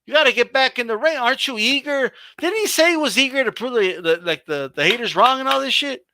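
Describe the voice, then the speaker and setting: A man hosting a casual boxing chat stream, animated and slangy, swearing and laughing as he talks. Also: extremely high pitch, fast talker, a little hiss or hum. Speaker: host.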